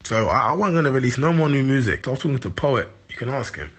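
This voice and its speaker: A man's voice: medium pitch, very animated, a bit bright, slightly rough. A man in his forties with a London accent, talking heatedly in street slang as an interview guest. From London, England. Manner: heated, slangy, quick to laugh. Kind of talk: candid interview chat.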